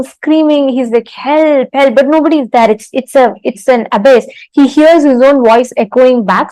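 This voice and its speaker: A woman's voice: on the high side, a little mellow, no echo, rough recording. Woman teaching spirituality, dry close sound. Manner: storytelling with fillers and restarts. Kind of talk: spiritual talk to an online audience.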